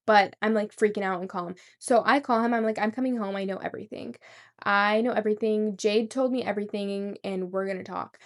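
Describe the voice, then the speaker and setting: A woman's voice: medium pitch, a bit bright. A young woman vlogger telling a rambling story and swearing casually. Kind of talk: storytime vlog.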